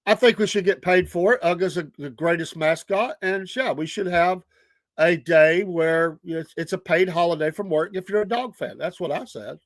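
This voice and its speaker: Man, middle-aged, chatty host, high voice, dry close sound. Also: moderate pace, dry recording. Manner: chatty, laughs often. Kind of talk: casual storytelling livestream.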